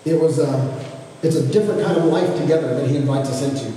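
A man in his thirties preaching a conversational sermon as pastor, gentle and unhurried, often restarting his phrases. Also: a little high. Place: church sanctuary. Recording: echoey hall, from far off, faint noise.

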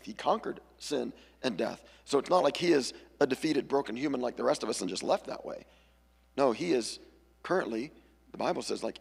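Gravelly man preaching in a reverberant church. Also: mid-range voice. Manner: conversational storytelling, animated character voices. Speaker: pastor. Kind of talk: sermon. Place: church sanctuary.

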